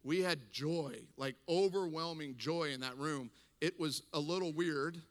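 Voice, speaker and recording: A man speaking to a men's gathering, telling a funny story in an animated way, laughing and acting out voices. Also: fairly high pitch, a little slow, big-room sound. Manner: animated, acts out quoted voices, laughs often. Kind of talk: humorous storytelling talk.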